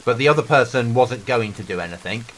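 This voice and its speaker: A man's voice: medium pitch, lively intonation, fast, fairly bright tone, rough recording. A middle-aged British man streaming a game, chatting earnestly and telling stories to a friend. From Britain. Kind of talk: casual chat while gaming.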